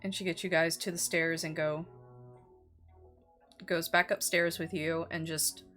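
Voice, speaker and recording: A woman narrating a tabletop role-playing game as game master, in slow, measured storytelling. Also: low-pitched, little pitch movement, a bit bright, faint music behind.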